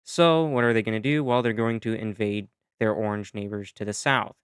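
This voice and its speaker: A man's voice: on the low side, steady tone, moderate pace, smooth, dry recording. Brief: casual male video narrator, dry close-mic sound, talks through events with asides. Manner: chatty, explains with asides and self-corrections. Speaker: YouTube narrator. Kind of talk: casual narration of a map simulation.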